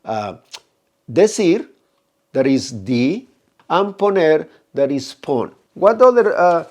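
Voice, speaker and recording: A man, teaching a grammar lesson and often checking in with "right?" while he slowly draws out the examples. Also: a little high, big pitch swings, a little mellow. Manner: explanatory, frequent "right?" checks, slow drawn-out Spanish examples. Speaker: Spanish teacher.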